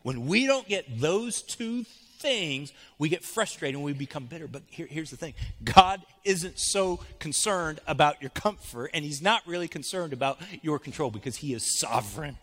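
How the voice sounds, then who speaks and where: Male pastor, sermon, bright ringing tone, church hall echo, hushed to urgent. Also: fairly high pitch, animated, normal speed, few pauses. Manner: swings from soft and hushed to loud and urgent. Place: church sanctuary.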